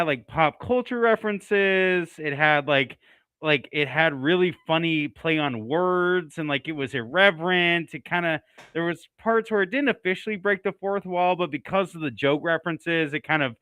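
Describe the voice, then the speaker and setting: A man's voice: on the high side, a little slow, sharp tone, smooth, no room sound. A man co-hosting a casual movie talk show, thinking aloud with many fillers. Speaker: co-host. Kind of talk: casual chat.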